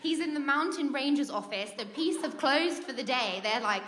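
A woman's voice: high-pitched, expressive, moderate pace, few pauses, a crowd in the background. A British woman telling a comic personal story, chatty and laughing often, acting out what people said. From Britain.

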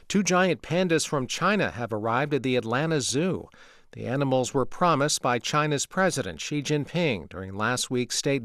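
A man at mid pitch reads radio news in a measured, steady newscaster delivery. The studio sound is dry and close, with no room echo. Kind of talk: scripted news reading. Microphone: studio microphone.

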